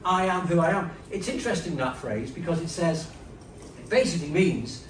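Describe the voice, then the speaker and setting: A man's voice: a little high, expressive, moderate pace, recorded from a distance, slight background noise. A man preaching a sermon, conversational and emphatic, with frequent asides. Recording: roomy, from off-mic, faint ambience.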